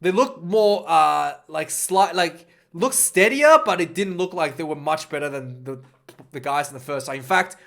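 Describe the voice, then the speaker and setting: A man's voice: fairly high pitch, expressive, moderate pace, creaky, fairly bright tone. A young man casually breaking down a rugby match, rambling and correcting himself, exasperated about the refereeing.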